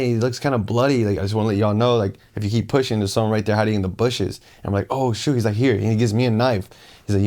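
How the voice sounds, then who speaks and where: A young man, a guest, tells a story in casual chat, acting out the quotes in an animated way and saying "like" a lot. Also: fairly low pitch. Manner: animated, acts out quotes, many "like"s. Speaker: guest, long-distance skateboarder. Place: small reverberant room. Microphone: lapel mic. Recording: small echoey room with background noise.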